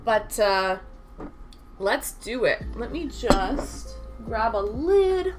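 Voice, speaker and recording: A woman's voice: on the high side, sing-song, very slow, music in the background. A woman live-streaming in casual chat, thanking viewers by name and talking straight to her chat. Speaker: livestreamer.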